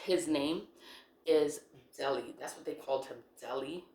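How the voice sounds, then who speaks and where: A woman's voice: low-pitched, a little slow, dark tone, reverberant. A woman casually telling a personal story, blunt and profane, who laughs often and repeats the phrases she wants to stress. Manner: emphatic repetition of key phrases.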